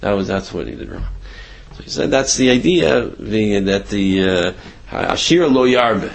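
A man's voice: fairly low pitch, expressive, normal speed, vocal fry. A man telling a religious story in a talk, loose and conversational with many restarts.

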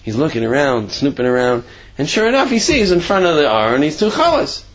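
A man's voice: on the high side, very animated, brisk, highs cut off. A man casually telling a religious tale in a rambling way, with many "you know"s. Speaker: storyteller.

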